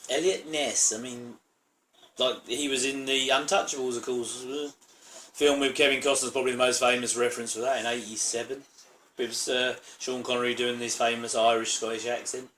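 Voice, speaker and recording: A man's voice: mid-range voice, sharp tone, slight background noise. Chatty man reacting in an echoey room. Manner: chatty, rambling, full of asides and fillers. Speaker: channel host reviewing a TV episode. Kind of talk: casual reaction commentary.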